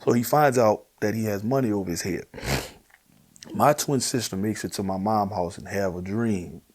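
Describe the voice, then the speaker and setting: A man with a New Orleans accent shares his personal testimony as a guest, speaking earnestly and with emotion, sometimes dropping to a hushed near-whisper. His voice sits on the low side, and he talks at a moderate pace.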